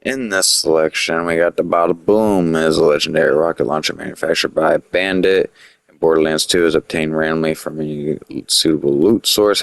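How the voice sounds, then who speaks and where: A man's voice: very deep voice, gravelly, no room sound. A man giving casual, rambling gameplay commentary, full of fillers and restarts, with the hiccups. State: has the hiccups. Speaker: gaming commentator.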